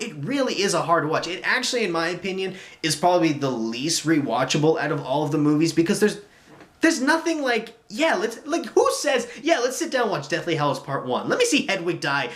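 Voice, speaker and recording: A man ranting through a casual movie review, his pitch swinging wide from low grumbles to sudden high outbursts. He talks in an animated, exasperated way, stumbling over restarts and repeated words when he gets worked up.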